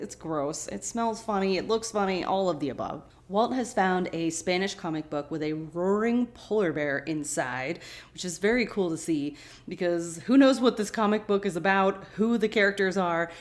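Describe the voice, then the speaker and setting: A woman's voice: mid-range voice, normal speed. A woman hosting a podcast, recapping a television episode in a casual, opinionated way and acting out the characters' lines. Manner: chatty and opinionated, laughs often, acts out characters' lines. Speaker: podcast host.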